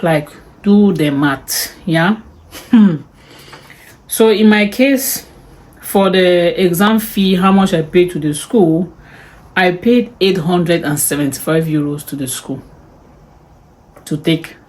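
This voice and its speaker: A woman's voice: lowish voice, a little mellow. Chatty woman vlogger tallying costs. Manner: chatty, exclaims and sighs over the costs. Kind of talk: casual cost breakdown talk to camera.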